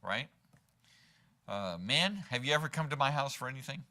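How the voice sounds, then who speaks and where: With lively intonation and a sharp edge, a man preaches at normal speed in a mid-range voice. He is the pastor in a church sanctuary, conversing with the congregation and regularly asking "right?"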